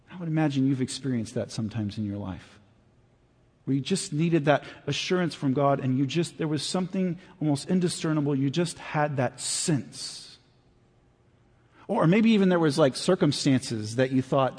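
Pastor, male, preaching in a church hall, husky tone, long reverb; chatty, lively, drops to near-whispers. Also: a little high, normal speed. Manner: conversational, swings between animated and hushed. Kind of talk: sermon. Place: church sanctuary.

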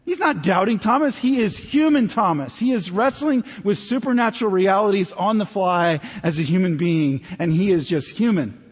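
A man preaching a sermon as pastor, conversational and animated, dropping to a hush at times. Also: sits high, normal speed, hardly any pauses, slightly rough. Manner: conversational, swings between animated and hushed. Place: church sanctuary. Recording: reverberant hall.

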